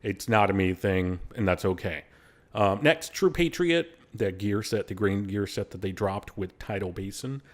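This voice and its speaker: A man with a fairly low voice reads through game patch notes as casual commentary. He breaks off often for blunt, sarcastic asides, and his diction is slightly slurred. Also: moderate pace. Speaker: gaming channel host.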